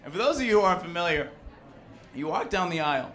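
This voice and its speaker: A man's voice: sits high, lively intonation, fast, fairly bright tone. A young adult man performing a brash, profane stand-up set and working the crowd. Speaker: stand-up comedian. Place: basement of a loud bar. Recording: live crowd in a bar basement. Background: laughing audience.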